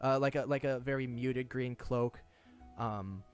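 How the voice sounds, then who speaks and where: Smooth-voiced game master, halting narration. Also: male voice, medium pitch, soft background music. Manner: rambling, halting descriptions with many restarts.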